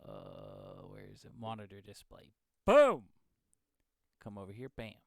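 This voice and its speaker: A man co-hosting a casual gaming podcast, animated and mocking, swearing freely. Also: fairly low pitch, a little slow, creaky. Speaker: podcast co-host.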